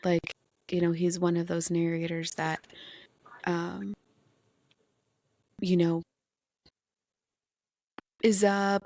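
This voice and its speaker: A woman hosting a podcast, chatting casually and telling stories in an animated, gushing way. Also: fairly low pitch, slow, long pauses, no room sound. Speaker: podcast host. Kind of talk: casual chat.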